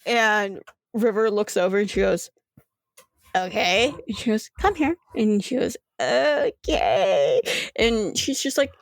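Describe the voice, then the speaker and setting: Slow-talking woman game master, chatty and giggly. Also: mid-range voice, no echo. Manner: chatty, giggly, lots of fillers. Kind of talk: narrating a tabletop game.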